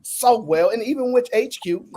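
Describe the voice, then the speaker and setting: A man hosting a podcast, arguing his point in a casual, animated debate. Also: very high-pitched, moderate pace. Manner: animated, argumentative, drawling. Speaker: podcast host.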